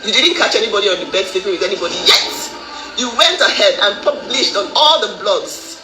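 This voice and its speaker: A woman's voice: medium pitch, animated, a little fast, echoey room, over music, low-quality recording. A woman in an indignant rant to camera, repeating words for emphasis. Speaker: vlogger's sister.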